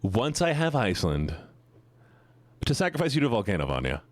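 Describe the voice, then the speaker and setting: A man's voice: medium pitch, huge pitch swings, fairly quick, no echo. A man streaming and chatting casually with his viewers, rambling and joking as he gets sidetracked.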